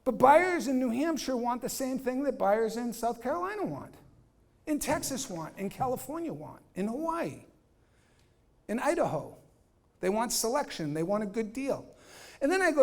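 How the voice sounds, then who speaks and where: A man's voice: very high-pitched, moderate pace. New guy coaching realtors, punchy and blunt, acts out the conversations. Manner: energetic, acts out dialogues, asks audience questions. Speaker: real estate trainer. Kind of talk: live training talk to agents.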